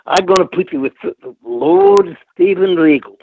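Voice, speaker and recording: A man's voice: high voice, huge pitch swings, creaky, mellow, slightly rough, dry recording, pitched above the performer's own voice, heavily acted, low-quality recording. A man imitating a well-known wrestling promoter who speaks with a put-on lisp and calls people "baby" and "brother". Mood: drawling. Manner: laid-back, drawn-out, jovial. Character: lisping, drawling older male wrestling promoter.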